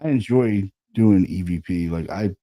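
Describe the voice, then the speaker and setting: A man's voice: sits low, moderate pace, warm tone. A man chatting casually as a paranormal investigator, laid-back, often tagging his sentences with "you know what I mean" and "man.". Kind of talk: casual chat.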